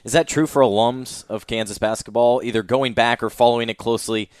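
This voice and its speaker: A man's voice: mid-range voice, fairly even intonation, brisk, smooth, no echo, studio quality. A man hosting a podcast interview, asking long, easygoing, rambling questions. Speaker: podcast host. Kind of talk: casual interview conversation.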